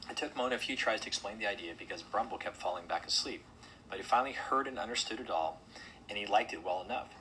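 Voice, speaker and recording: A man reads a children's storybook aloud in a gentle, unhurried way. His voice sits fairly low but has a bright, forward tone. Small slips and restarts keep it natural. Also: a little hiss or hum, low-quality recording. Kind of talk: storybook narration.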